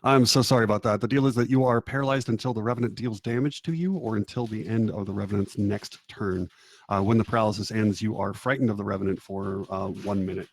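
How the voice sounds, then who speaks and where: A man's voice: on the low side, fast talker. Laid-back man running a tabletop game. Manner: laid-back, laughs often, many fillers. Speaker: game master.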